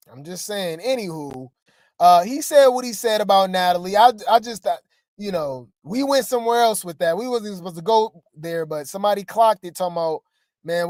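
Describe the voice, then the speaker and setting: A woman hosts a casual gossip commentary, sassy and chatty, with a habit of repeating herself for effect. Her voice sits at a middling pitch and sounds dry and close to the mic. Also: a little mellow, no echo.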